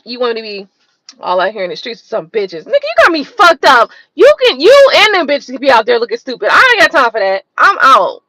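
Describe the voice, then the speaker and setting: A woman's voice: high voice, huge pitch swings, fast, bright, forceful tone, no room sound, poor audio. A woman hosting her own channel, ranting in a blunt, profane, exasperated way full of rhetorical questions. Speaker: tarot reader and channel host. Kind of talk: unscripted livestream rant.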